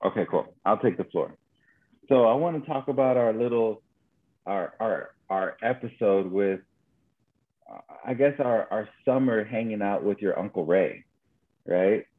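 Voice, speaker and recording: A man with a fairly low voice speaks a little slowly, pausing often, as he co-hosts a podcast and tells a story in casual chat. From El Paso, Texas, he rambles, repeats words, and tags lines with "right?" The recording has a narrow, phone-like quality.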